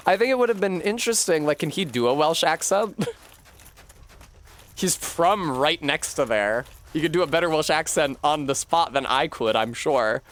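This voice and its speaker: A man's voice: on the high side, a bit bright. A man streaming a video game, rambling through profane, joking retellings of a book. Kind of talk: casual gameplay chat.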